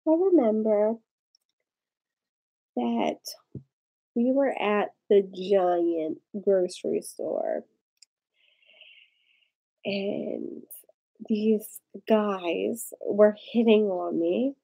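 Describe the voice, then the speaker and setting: A woman's voice: mid-range voice, extremely slow, gravelly, long pauses, highs cut off. A woman vlogger, drunk and rambling through a story, full of "like". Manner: rambling, lots of "like". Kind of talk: tipsy casual storytelling.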